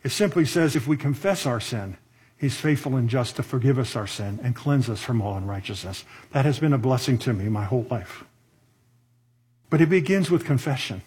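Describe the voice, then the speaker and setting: Husky-voiced man preaching conversationally. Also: mid-range voice, animated, a little mellow. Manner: conversational preaching, rhetorical questions, slows for emphasis. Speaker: pastor. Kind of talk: sermon.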